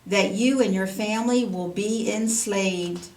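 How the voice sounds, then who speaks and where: A woman's voice: medium pitch, unhurried, a little mellow, close to an everyday voice. Woman doing a roaring harsh treasurer. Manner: roaring, blustering. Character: harsh, loud male royal treasurer. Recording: roomy, from a distance.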